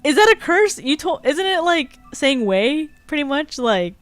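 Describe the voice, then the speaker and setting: A woman's voice: high voice, sing-song, a little slow, no room sound. A young adult woman chatting casually on a live stream, rambling and filling her talk with "like". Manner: chatty, rambling, heavy use of "like". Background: faint background music.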